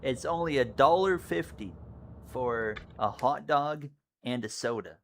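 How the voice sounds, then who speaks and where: A man casually commentates his racing game live and chats with viewers, rambling easily and yelling loudly with excitement at close moments. His voice is mid-range and his delivery unhurried.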